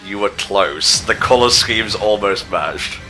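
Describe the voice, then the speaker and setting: A man playing a video game and commenting casually, reacting out loud to every hit. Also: lowish voice, slow, soft background music. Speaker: player.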